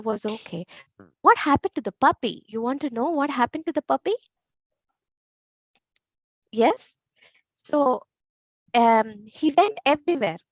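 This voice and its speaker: A woman teaching a children's class, telling a story and asking the kids questions in an animated way. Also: fairly high pitch, creaky, no room sound, muffled recording.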